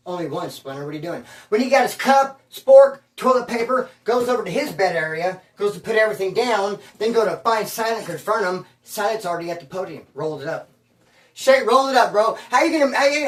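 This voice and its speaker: A man who served time telling prison stories in a casual, slangy, animated streetwise way. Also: high voice, distant mic. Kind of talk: casual storytelling. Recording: roomy sound from away from the mic.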